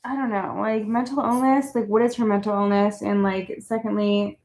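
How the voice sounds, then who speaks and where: A woman chatting casually as a friend on a live show. She chimes in with quiet, short reactions. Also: medium pitch, steady tone, normal speed. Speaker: co-host friend. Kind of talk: casual chat.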